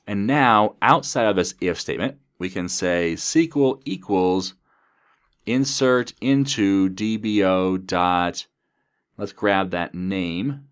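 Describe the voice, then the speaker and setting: A man giving a coding tutorial, talking through each step as he types. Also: low voice. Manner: methodical, talks through code as he types. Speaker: programming instructor.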